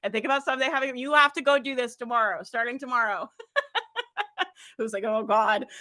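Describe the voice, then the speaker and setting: A woman giving an energetic motivational coaching talk as a business coach, laughing often and addressing listeners directly. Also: on the high side, rapid-fire.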